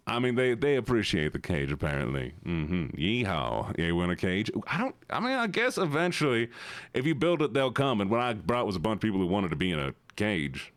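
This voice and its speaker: A man's voice: lowish voice, dry recording. A man streaming live, playfully greeting his chat one by one with sing-song hellos. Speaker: livestreamer. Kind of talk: casual livestream chat.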